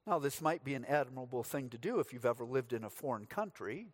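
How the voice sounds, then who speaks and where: A man's voice: mid-range voice, expressive, fast. A middle-aged man from the United States, preaching a sermon as pastor, telling stories with dry humor.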